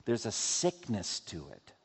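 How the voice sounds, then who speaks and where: A man preaching a sermon as pastor, asking rhetorical questions and acting out quotes in an animated way. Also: on the low side, measured pace, gravelly, slightly rough. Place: church sanctuary. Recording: long hall reverb.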